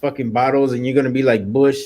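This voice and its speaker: An American man in casual podcast chat, telling profane, animated war stories and jokes. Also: medium pitch, quick pace, a little hiss or hum. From United States. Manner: profane, animated storytelling with loud impressions. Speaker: podcast co-host, military veteran.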